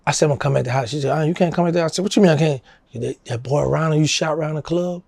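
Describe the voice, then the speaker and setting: In a relaxed interview, a middle-aged man from New Orleans spins a lengthy street story at a racing pace, animatedly voicing its characters by jumping up in pitch. His voice is gravelly and a bit husky, captured close and dry with no echo or room around it.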